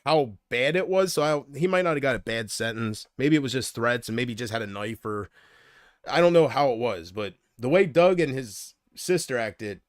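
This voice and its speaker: A man's voice: mid-range voice, animated, moderate pace, dry recording, clean studio sound. A man chatting casually on a livestream, rambling from thought to thought and often trailing off.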